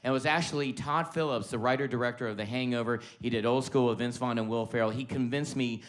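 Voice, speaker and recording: Profane stand-up comic, loud to hushed. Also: male voice, mid-range voice, steady tone, fast talker. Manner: loud swings between shouting and hushed confiding; profane, conversational, self-mocking. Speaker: stand-up comedian. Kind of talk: stand-up comedy set.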